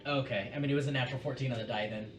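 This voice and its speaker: A man as game master, calmly calling out attack rolls and damage numbers and describing the blows. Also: mid-range voice, rapid-fire. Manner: methodical, calls out dice rolls and damage numbers. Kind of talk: running a tabletop game. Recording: roomy, distant mic with music behind. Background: music.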